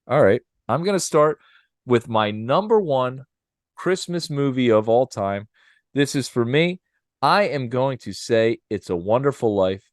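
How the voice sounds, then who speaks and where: A man's voice: medium pitch, lively intonation, measured pace, no echo. Upbeat man, dry close sound. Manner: upbeat, laughs often, does playful impressions. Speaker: podcast co-host. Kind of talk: casual chat.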